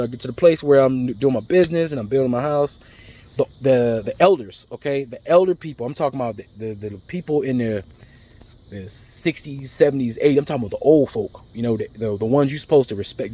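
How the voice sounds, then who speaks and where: A man, talking in a rambling, casual storytelling monologue, repeating words and getting animated as he tells his stories. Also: medium pitch. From United States. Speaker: vlogger.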